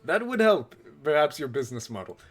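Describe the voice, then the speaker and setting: A man's voice: a little high, very animated, fairly quick, a bit bright, voice pushed up. A man voicing a stern, scornful male head chef who lectures in formal speech without contractions. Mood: lecturing.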